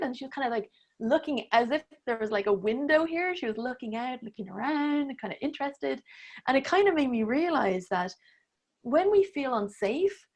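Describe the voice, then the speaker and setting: Candid woman telling a vivid story. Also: high voice. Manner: animated, acts out her own inner voices with laughs and swearing. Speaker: podcast guest, breathwork teacher. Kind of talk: candid storytelling in a casual interview.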